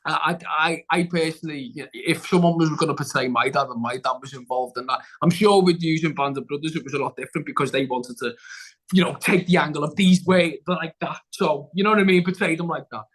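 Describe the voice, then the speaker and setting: A man's voice: on the high side, a little fast, a bit bright, breathy edge, low-quality recording. A man, a guest actor on a podcast, telling a long story in casual chat, rambling and restarting, acting out what people said. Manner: rambling, with many restarts and acted-out quotes.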